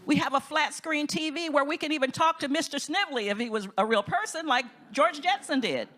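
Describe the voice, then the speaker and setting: Briskly, a woman minister tells stories in an uplifting conference address. She's lively, and her excitement frequently sends her voice soaring.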